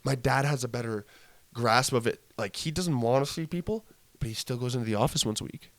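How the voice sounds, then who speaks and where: A man's voice: mid-range voice, fairly quick, no echo. A young man co-hosting a podcast, talking casually and swearing freely, acting out what people say in exaggerated voices. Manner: animated, swearing, acts out quoted lines in exaggerated voices. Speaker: podcast co-host. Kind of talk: casual chat.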